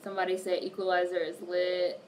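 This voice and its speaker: A woman hosts a casual livestream, reading viewer comments aloud and answering them with plenty of swearing. Her voice is fairly low, monotone, and darkish, and she talks briskly. The mic is distant, with faint background noise.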